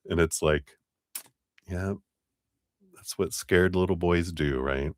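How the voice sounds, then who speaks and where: A deep-voiced man giving a live tarot reading to viewers. He chats loosely, laughs a lot and slips into quick acted-out quotes. The sound is dry and close. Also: steady tone, no room sound. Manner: chatty, laughs often, acts out quotes. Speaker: tarot reader.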